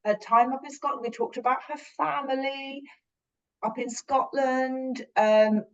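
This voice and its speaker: A woman's voice: high-pitched, steady tone, measured pace, muffled recording. A British woman on a podcast, reflectively telling a personal story in a rambling, earnest way that often corrects itself. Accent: British English. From Britain.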